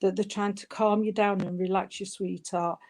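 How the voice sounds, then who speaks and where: A woman, working as a spiritualist medium and giving a spirit reading at a service. She talks gently and soothingly, calling the listener sweetheart and darling, and often stops and restarts her sentences. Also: mid-range voice, little pitch movement, moderate pace. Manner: hesitant, with frequent restarts.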